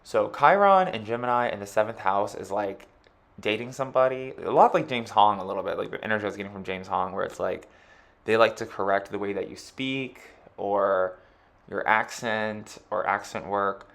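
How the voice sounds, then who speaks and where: Casual male astrologer, slightly low, fry-heavy voice, rambling filler-laden delivery. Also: normal speed, a bit bright. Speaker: astrology chart reader. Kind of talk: casual astrology chart reading.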